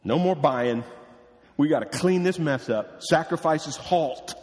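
A man preaching a sermon as pastor, animated and acting out the people he quotes. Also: a little high, unhurried, long reverb tail. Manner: animated, acts out quoted voices.

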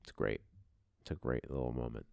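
Very deep, gravelly laid-back man. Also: steady tone, brisk, a little mellow, dry recording, clean studio sound. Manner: laid-back, profane, rambling with fillers. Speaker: podcast host, league commissioner. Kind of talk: casual podcast sign-off.

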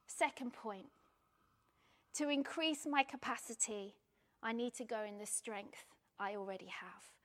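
A woman preaching a sermon in a rhythmic, repetitive cadence, dropping to hushed near-whispers and rising to loud emphasis. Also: a little high, a little slow.

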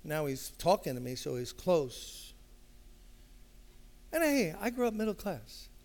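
With a gravelly, somewhat mellow voice on the high side, an older pastor with a New York accent speaks unhurriedly yet very animatedly. He's from Brooklyn and tells a sermon story in a church sanctuary, acting out dialogue in a conversational way that rises into emphatic passion.

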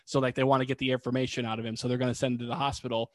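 A man co-hosting a podcast, casually recapping a film in a rambling, animated way and acting out lines of dialogue. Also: medium pitch, racing, no room sound. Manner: rambling, animated storytelling with quoted voices. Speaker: podcast co-host. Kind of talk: casual movie recap chat.

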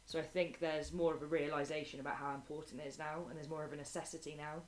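A woman's voice: low voice, level tone, quick pace. A young woman, an English teacher in a casual interview, chatty and swearing lightly as she acts out classroom stories. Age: young adult. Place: Madrid.

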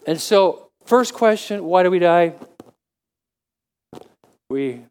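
A man in his seventies preaching a sermon, halting with frequent restarts, then rising to emphatic questions. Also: high voice, lively intonation, a little mellow, smooth. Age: 70s. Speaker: lay preacher.

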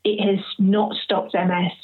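A woman's voice: medium pitch, flat delivery, unhurried. Woman telling her story over a tinny line. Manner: candid, emotional, acts out others' speech. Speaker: interview guest. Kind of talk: personal storytelling in a conversation. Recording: phone-like narrow audio.

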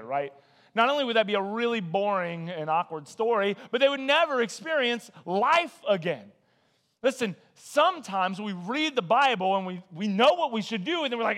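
A high-pitched man delivering a casual, story-driven sermon. He talks conversationally, acts out the voices in his own anecdotes, and keeps coming back to "man" and "listen". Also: moderate pace. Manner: animated storytelling with acted quotes. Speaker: guest preacher.

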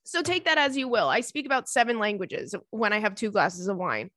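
A young adult woman hosting a podcast, telling stories in a casual, animated way, laughing often and acting out what her friends said. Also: medium pitch, a little fast, no room sound, studio quality. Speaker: podcast host. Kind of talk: casual storytelling chat.

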